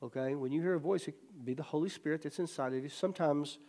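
Lively, slightly high-voiced male pastor. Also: quick pace. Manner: lively storyteller who laughs often and acts out quotes. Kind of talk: Bible study teaching.

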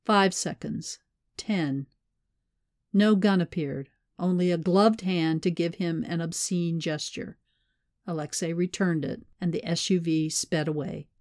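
Brief: woman narrator, lower voice, measured read, very dry booth sound. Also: no echo. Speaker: audiobook narrator. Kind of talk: scripted narration.

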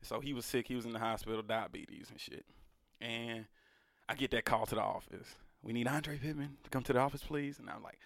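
Young male podcast co-host, earnest and animated, mid-pitched voice in a dry, close sound. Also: brisk, gravelly, no room sound. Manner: earnest, animated, repeats himself, slangy. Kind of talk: casual chat, storytelling.

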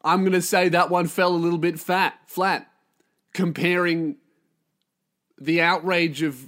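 A man's voice: a little high, fairly bright tone. A young man hosting a solo comedy podcast, ranting in a profane, self-mocking way. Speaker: podcast host.

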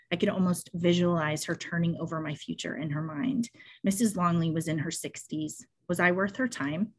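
A woman's voice: sits low, slightly rough. A woman co-hosting a show, reading a memoir excerpt aloud with feeling.

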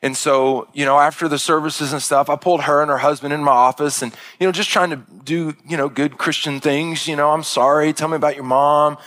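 A middle-aged man, a pastor, telling a story in a sermon with many halting restarts. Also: fairly high pitch, fairly even intonation, a bit bright, dry recording.

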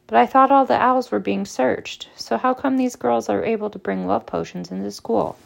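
A woman reading aloud and voicing a stubborn, defensive teenage schoolboy wizard who argues insistently, pitched above her narrating voice. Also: creaky. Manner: insistent, quick.

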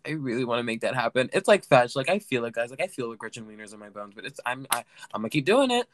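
A man's voice: medium pitch, very animated, fast talker, a little hiss or hum. A man hosting a solo recap podcast in a camp, playful, rambling way, full of fillers and asides. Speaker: podcast host.

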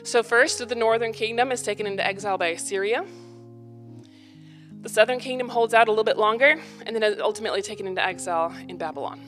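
A woman pastor in her thirties delivers a sermon with a bright, forceful, somewhat high voice. She keeps it conversational, repeating lines for emphasis, and faint music sits behind her. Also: fast. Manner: emphatic, repeats phrases for effect; conversational, with parenting asides.

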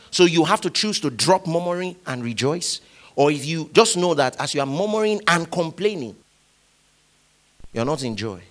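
Male pastor, high and animated delivery, call-and-response sermon. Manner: animated preaching, leads the congregation in repeating lines.

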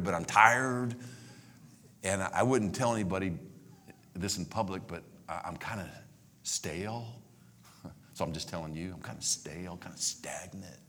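An older man in his sixties delivers a sermon as a personal story, his voice sitting a little low. He speaks with heartfelt sincerity, restarting and repeating phrases when moved. At times he drops to a soft, hushed near-whisper. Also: moderate pace, slight background noise. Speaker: pastor.

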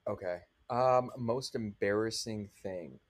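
A young man telling an animated, rambling story to his younger brother in casual chat. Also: on the low side, slow. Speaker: podcast co-host, older brother.

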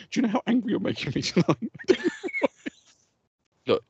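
A man's voice: high-pitched, sing-song, unhurried, slightly rough, no echo, highs cut off. A man co-hosting a podcast, ranting in mock anger and swearing constantly in casual banter. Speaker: podcast co-host.

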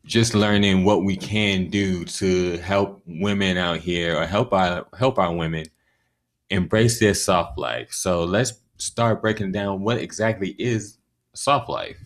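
A man's voice: low voice, takes it slowly. A man hosting a podcast, steadily leading the talk and asking questions. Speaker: podcast host. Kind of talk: casual chat.

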